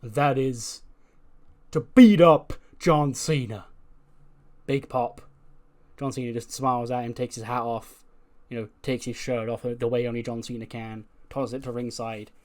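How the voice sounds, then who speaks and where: A man's voice: medium pitch, flat delivery, normal speed. Chatty man narrating a game. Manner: chatty, filler-heavy, laughs at own jokes. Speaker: let's play narrator. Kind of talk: casual game playthrough narration.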